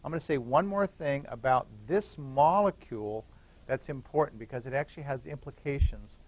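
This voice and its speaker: A middle-aged man with a mid-range voice lectures at a moderate pace in a lecture hall. He is a university biochemistry lecturer who explains things step by step, repeats the key points, and checks in with "okay?"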